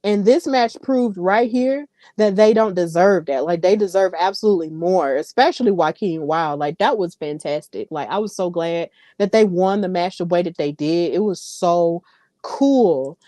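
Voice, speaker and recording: A woman hosting a podcast, giving casual, animated and opinionated commentary aimed straight at her listeners. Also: lowish voice, normal speed, no room sound. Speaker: podcast host.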